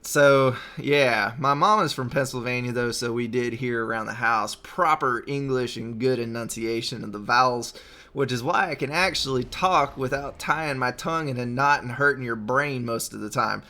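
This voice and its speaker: A man from southern Alabama speaking with a slow Southern US drawl, casually introducing a strategy game cast as its commentator. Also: mid-range voice, bright, forceful tone. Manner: drawls words out slowly.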